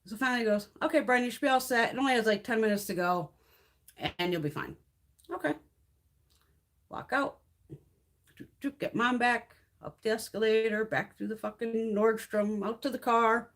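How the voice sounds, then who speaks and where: A woman's voice: fairly high pitch, moderate pace, pauses often. A middle-aged woman telling a long story with lots of swearing on a beauty livestream, acting out what everyone said. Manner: profane, animated storytelling, acts out quoted voices.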